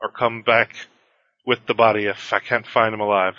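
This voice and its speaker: A man's voice: lowish voice, level tone, moderate pace, no echo, muffled recording, natural voice. A man voicing a tall, honorable armoured warrior in a tabletop game, formal in speech but hesitant. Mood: solemn.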